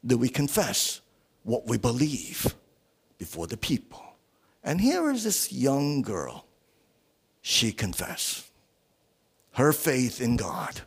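A male guest preacher gives a sermon at a small church. He speaks slowly, in a husky voice whose pitch rises and falls widely. He halts often with fillers and keeps asking the congregation rhetorical questions. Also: sing-song.

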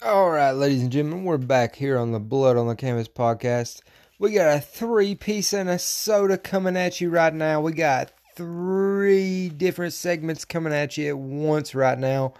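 A man hosting a combat-sports podcast, talking casually and profanely, breaking into loud, animated rants. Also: fairly high pitch, normal speed. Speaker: podcast host.

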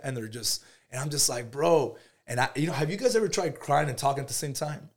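A man's voice: mid-range voice, a little fast. A man guest on a podcast telling a personal story in a casual, slangy way. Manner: animated and slangy, calls listeners bro.

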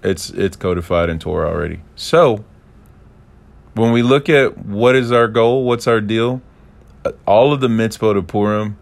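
A man's voice: on the low side, moderate pace, vocal fry. A man giving a casual, enthusiastic Torah teaching, rambling with playful asides and restarts.

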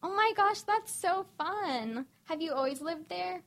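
A woman co-hosting a podcast with a very high, bright voice. She talks in quick, bubbly, teasing banter and asks her guests question after question. Her easy chat often quickens when she gets excited. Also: noisy background. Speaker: podcast co-host.

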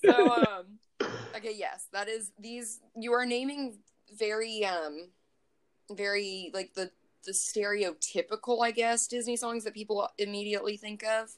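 A woman's voice: mid-range voice, steady tone, measured pace. A woman co-hosting a casual chat, playful and teasing, laughing often. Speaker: podcast co-host.

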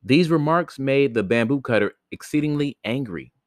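Reading an old myth aloud for his podcast, a man occasionally fumbles a word and breaks off to joke and laugh about it. His mid-range voice has lively intonation and a moderate pace, recorded dry with clean studio sound.

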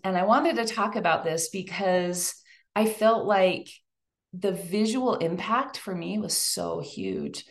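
A woman's voice: fairly low pitch, takes it slowly. A woman giving a chatty, emotional talk to a live audience. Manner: chatty and emotional, lively asides. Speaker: speaker at a women's event.

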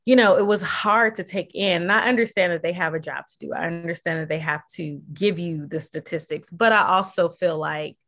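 A woman's voice: fairly low pitch, brisk, few pauses, a bit bright. A young woman candidly recounting a personal story, using many fillers and acting out what people said. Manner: candid, filler-heavy, acts out quoted voices. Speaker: guest sharing personal story.

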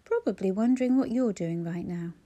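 A woman's voice: medium pitch, a little fast, natural voice. A woman voicing a wry young mother. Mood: gentle. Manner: wry, gently protesting.

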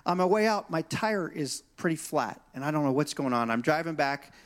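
A man preaches as senior pastor, telling a personal story with animated, acted-out dialogue. His voice sits a little higher than most men's. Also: moderate pace, clear, resonant tone. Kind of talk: storytelling sermon. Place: church stage.

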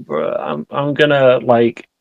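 A young man co-hosting a casual podcast, with deadpan jokey asides. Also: medium pitch, slow, creaky, phone-quality sound. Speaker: podcast co-host. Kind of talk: casual chat.

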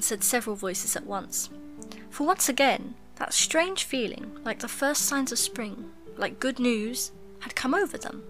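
Bright-voiced woman reading a storybook. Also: mid-range voice, normal speed, faint music behind. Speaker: podcast host and reader. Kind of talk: reading a children's book aloud.

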